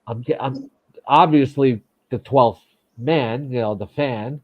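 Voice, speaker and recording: A man's voice: mid-range voice, takes it slowly, no echo. A man who is a fantasy football guest, chatting in a self-deprecating, talkative way over remote audio. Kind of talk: casual chat. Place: home in New York. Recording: dull dry remote audio.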